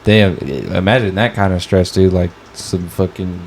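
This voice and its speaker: A laid-back young man chatting casually on a podcast, swearing easily and tossing in quick agreements. His voice sits a little low. Faint noise hums under the recording. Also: steady tone. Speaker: podcast co-host. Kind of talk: casual chat.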